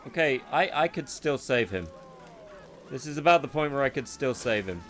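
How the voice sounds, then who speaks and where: A man's voice: medium pitch, lively intonation, moderate pace, fairly bright tone, a little hiss or hum. A man streaming a game, giving casual, sarcastic commentary and swearing freely as he plays.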